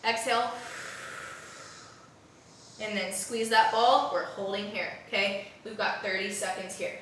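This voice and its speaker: A woman's voice: medium pitch, steady tone, measured pace, a bit bright, a little hiss or hum. A young woman teaching a postpartum workout, cueing breaths and reps while a little out of breath and often checking in with "okay?". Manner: coaching, cues breathing and reps, frequent "okay?". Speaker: postpartum fitness instructor. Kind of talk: live workout instruction. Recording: very echoey room, mic at a distance.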